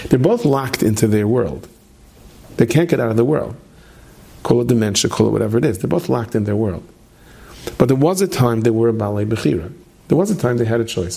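Gravelly-voiced man telling a story. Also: medium pitch, mellow. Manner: repeats words, humorous asides. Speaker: speaker giving a religious talk. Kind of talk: storytelling sermon. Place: stage with plexiglass screen.

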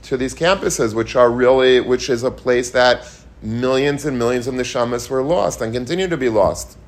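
A man lectures on the weekly Torah portion in a mid-range voice at a moderate pace. Earnest and repetitive, he asks rhetorical questions and uses Hebrew and Yiddish terms.

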